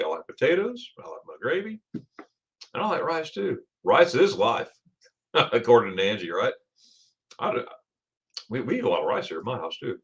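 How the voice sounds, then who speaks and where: A man's voice: medium pitch, a bit bright. A middle-aged man from Florida hosting a casual livestream, chatting with viewers and reading their comments aloud, laughing often. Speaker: livestream host.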